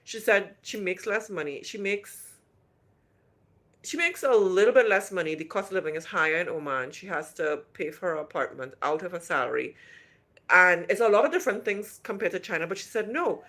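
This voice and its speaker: A woman's voice: on the low side, lively intonation, brisk, fairly bright tone. A woman from Trinidad and Tobago with a faint Trinidadian accent, hosting a casual livestream from a hotel room and answering viewer questions in a chatty, rambling way. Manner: chatty and rambling, with many restarts. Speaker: livestream host.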